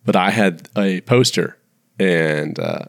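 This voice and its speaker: A man co-hosting a movie podcast, joking around in an animated, chatty way. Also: deep voice, slow, creaky, no echo, clean studio sound. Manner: animated, jokey, swoops up in surprise. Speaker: podcast co-host. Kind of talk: casual movie podcast chat.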